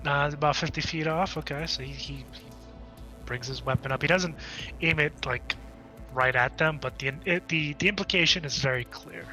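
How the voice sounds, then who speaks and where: Bright-toned man playing a tabletop game. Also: a little high, faint music behind. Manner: casual, halting, thinking aloud. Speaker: player.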